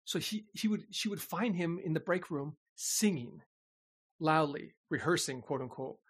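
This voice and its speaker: A man telling a story in casual chat, animated and laughing often. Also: a little high, normal speed, slightly rough.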